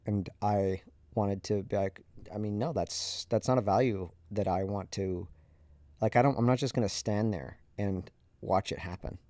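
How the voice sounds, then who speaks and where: A man's voice: lowish voice, moderate pace, mellow, no echo. A man in his thirties, a podcast host, candidly and reflectively telling a personal story in a conversational way.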